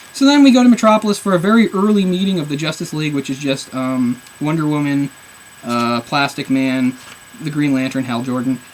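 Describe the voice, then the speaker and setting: A man's voice: fairly high pitch, slight background noise, rough recording. A man reviewing a comic book on camera, rambling in an exasperated, sarcastic way. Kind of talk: casual video review.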